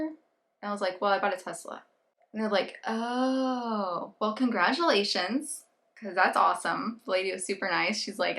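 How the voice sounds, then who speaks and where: A young woman with a bright, clear voice tells a personal story straight to camera in a chatty vlog. She is animated, slipping into little quoted asides of her own thoughts and of the people she talked to. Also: medium pitch, unhurried. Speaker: vlogger.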